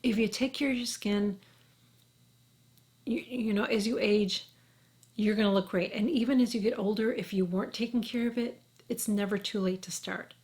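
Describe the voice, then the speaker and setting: A woman's voice: medium pitch, steady tone, moderate pace, a little mellow. Chatty reassuring woman in her forties. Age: 40s. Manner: chatty, reassuring, drops to a whisper at times. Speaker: beauty vlogger. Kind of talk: casual talk to camera.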